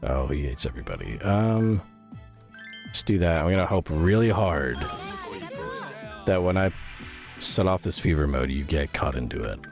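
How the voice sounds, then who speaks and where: A man streaming a video game in casual chat, his voice strained and roughened from yelling, reacting aloud and answering chat. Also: rumbling low, expressive, normal speed, pauses often, over music.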